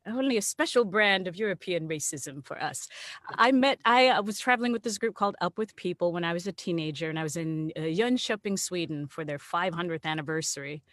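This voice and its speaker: A woman's voice: lowish voice, dry recording, studio quality. A woman actor, a guest on an online video-call talk, telling stories casually with frequent laughs and restarts. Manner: lively, laughing often, with many restarts. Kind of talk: casual storytelling on an online salon.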